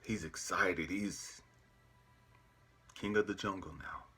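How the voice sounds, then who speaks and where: A man telling an earnest, emotional personal story as a father, often dropping his voice to a hushed whisper. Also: low voice, fairly even intonation, takes it slowly, husky.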